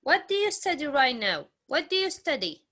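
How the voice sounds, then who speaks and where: A woman's voice: high-pitched, big pitch swings, moderate pace, bright, forceful tone. A woman teaching English grammar, drilling question words over and over and stressing her question intonation. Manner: drills phrases with repetition and exaggerated question intonation. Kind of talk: slow classroom grammar lesson.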